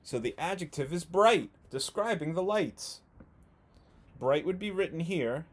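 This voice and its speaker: Teaching first graders over video, this man speaks with slow patience, stretching words out for small children. His pitch runs on the high side, and his intonation is lively.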